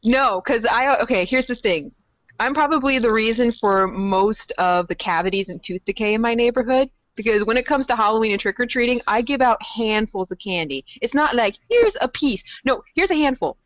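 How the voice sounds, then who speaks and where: A woman's voice: a little high, a little fast, no echo, muffled recording. A woman co-hosting a casual podcast chat, blunt and joking, laughing a lot.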